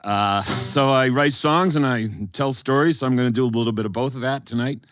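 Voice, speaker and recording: A man's voice: medium pitch, brisk, fairly bright tone, soft background music. A man telling stories and leading a sing-along before a live studio audience, chatty and laughing as he goes. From Massachusetts. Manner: chatty, laughing, leads the crowd in singing. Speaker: storyteller and songwriter.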